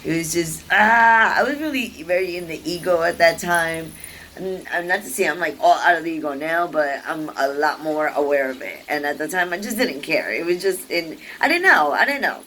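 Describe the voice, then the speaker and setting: A woman's voice: sits low, normal speed, slight background noise, poor audio. A woman vlogger telling a personal story in a casual, rambling way, full of fillers and restarts and acting out what people said. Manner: lively, acts out quoted people.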